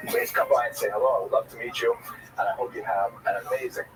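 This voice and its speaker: A middle-aged man, a rabbi giving a Talmud class, telling a personal anecdote in a rambling way with many fillers and restarts, a little flustered after rushing in. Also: lowish voice, steady tone, a crowd in the background. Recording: distant mic with faint noise.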